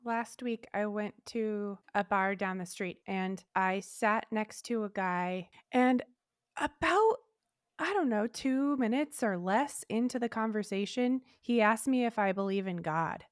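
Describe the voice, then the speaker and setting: A young adult woman co-hosting a podcast, telling a casual story with lively acted-out quotes and casual swearing. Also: mid-range voice, a little slow, few pauses, smooth, dry recording, studio quality. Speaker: podcast co-host.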